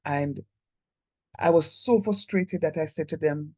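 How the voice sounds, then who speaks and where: Over a video call, a Jamaican-accented man lectures an online math class, chatting directly with students and code-switching into local speech. His voice is on the high side, dark in tone and slightly rough, with a measured pace and no room sound.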